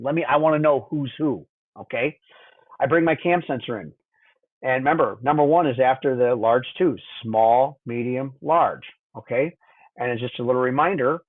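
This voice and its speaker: A man's voice: a little high, slightly rough, dry recording. Man teaching on a tinny line. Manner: conversational, frequent "okay?" and "would you agree" check-ins. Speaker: diesel technician instructor. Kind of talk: technical webinar walkthrough. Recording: dry, tinny phone-like audio.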